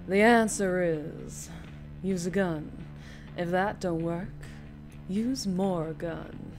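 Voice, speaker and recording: A woman voicing a gruff male mercenary with a put-on Southern drawl, speaking slowly. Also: lowish voice, over music. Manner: slow drawling delivery.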